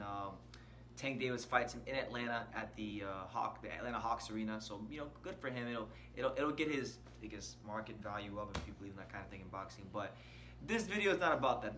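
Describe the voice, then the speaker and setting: Bright-voiced man giving emphatic boxing commentary. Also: mid-range voice, a little hiss or hum. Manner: emphatic, opinionated, stresses key words. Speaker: boxing channel host. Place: indoor room with shirts on the wall.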